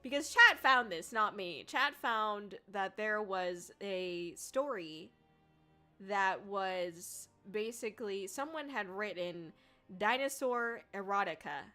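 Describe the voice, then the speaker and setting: Lively bright-voiced young woman streamer. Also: mid-range voice, slow pace. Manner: chatty, laughs often, bursts into squealing shouts. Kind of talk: casual livestream chat. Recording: faint music behind.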